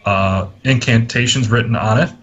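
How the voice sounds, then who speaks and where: A man's voice: medium pitch, normal speed, fairly bright tone, husky, dull audio. A man running a tabletop game as game master, narrating casually with jokes. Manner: casual, joking, laughs at the table.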